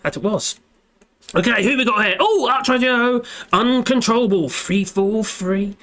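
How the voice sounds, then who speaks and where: A man's voice: high voice, measured pace, a bit bright. A man hosting a casual live stream, chatting in a rambling way and tagging his lines with little repeated phrases.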